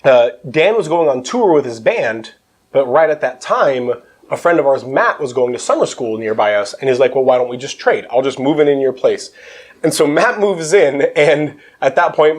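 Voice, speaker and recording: Male host, animated storyteller, laughs often, lively swinging pitch. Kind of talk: casual storytelling chat.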